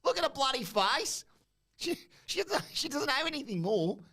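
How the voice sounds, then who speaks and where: A man's voice: extremely high pitch, very animated, moderate pace, creaky, bright, forceful tone, pitched above the performer's own voice, exaggerated voice. A man reading out a snooty female wrestler's lines, haughty and scolding toward an interviewer. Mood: scornful.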